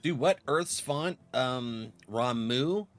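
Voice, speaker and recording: Slow-speaking and backed by faint music, this man streams a game and keeps up casual conversation with viewers. He laughs often, reads their chat aloud, and his voice swings lively in pitch.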